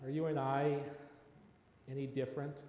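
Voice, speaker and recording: A man preaching a sermon, telling the story slowly with earnest, quiet dramatic pauses. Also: mid-range voice, level tone, roomy sound, big-room sound, muffled recording, a little hiss or hum. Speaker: pastor.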